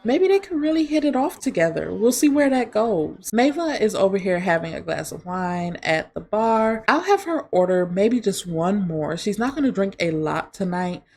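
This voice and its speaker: A chatty woman narrates her gameplay to viewers in a relaxed, conversational way. Her voice sits at an ordinary middle pitch. She talks straight to her audience like a friend. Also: moderate pace, hardly any pauses. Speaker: let's play host. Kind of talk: casual gameplay commentary.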